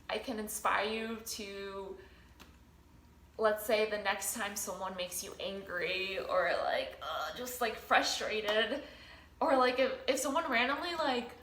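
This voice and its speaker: A woman's voice: medium pitch, sharp tone, echoey room, low-quality recording. A woman talking casually to her viewers in a rambling, affectionate way, full of fillers and little laughs. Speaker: vlogger. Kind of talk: casual spiritual vlog talk.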